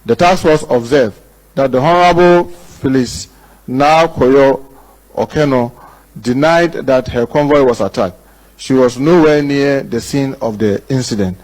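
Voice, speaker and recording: A man with a Ghanaian accent reading a news report in a measured, formal delivery. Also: medium pitch, darkish tone, poor audio. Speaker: news presenter.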